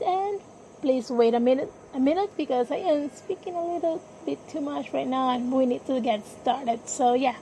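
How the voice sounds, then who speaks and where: Slow, high-voiced woman podcast host. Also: dark tone, a little hiss or hum, rough recording. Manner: hesitant, self-correcting, apologetic. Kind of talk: casual sports podcast talk.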